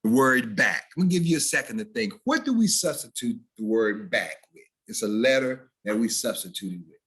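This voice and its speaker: A man's voice: mid-range voice, brisk, slightly rough. A man teaching standard American diction over a video call, playfully acting out the spoken errors he corrects. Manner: animated, mock-playful examples of spoken errors. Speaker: diction instructor.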